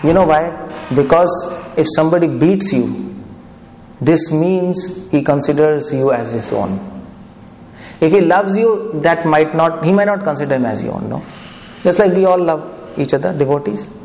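A man's voice: on the high side, lively intonation, normal speed, darkish tone. A man giving a devotional lecture, chatty and often asking the audience questions. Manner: conversational, asks the audience questions. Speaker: preacher. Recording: echoey hall, faint background noise.

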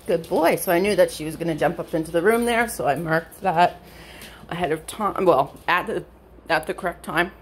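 A woman dog trainer explaining a training session in casual narration at home, switching between high bright praise for her dog and low quiet explanation. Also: normal speed, a little hiss or hum. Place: indoors at home with pets.

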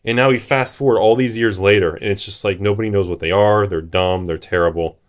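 This man hosts a card-opening video in casual, excited commentary. His voice sits fairly low. He gets jittery and hyped and breaks into shouts at the big pulls. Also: a little fast.

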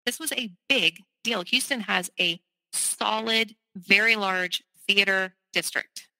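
Woman, thirties, very bright tone, dry close recording, animated storytelling. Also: medium pitch, slow pace, dry recording, rough recording. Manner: animated, vivid retelling with quoted voices. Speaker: guest telling her story. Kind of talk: personal storytelling in a podcast interview.

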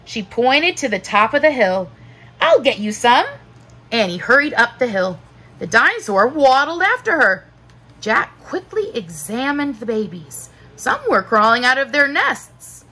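A woman teacher narrating a children's book aloud in a slow, expressive storytelling manner. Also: a little high, rough recording.

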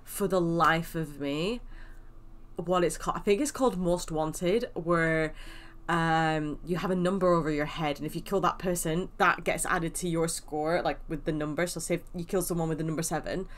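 Young woman, gaming host, rambling casual commentary, low voice that swings up and down a lot. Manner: chatty and rambling, with sudden excited squeals.

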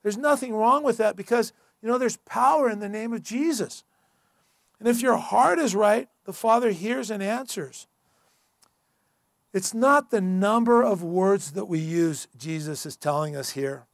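A man's voice: high-pitched, measured pace, gravelly, no echo, clean studio sound. A man pastor preaching a sermon in church, earnest and emphatic in a conversational way.

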